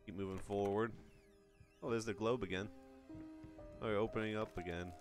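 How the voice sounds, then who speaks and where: A man's voice: fairly low pitch, steady tone, moderate pace, music in the background. A man commenting casually as he plays a horror game, muttering to himself and reading notes aloud. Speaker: gamer. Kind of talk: let's play commentary.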